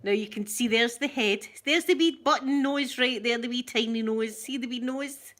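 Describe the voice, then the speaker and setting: A middle-aged Scottish woman hosting a casual livestream chat, excitedly gushing and greeting viewers by name. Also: fairly high pitch, moderate pace. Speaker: ASMR livestream host.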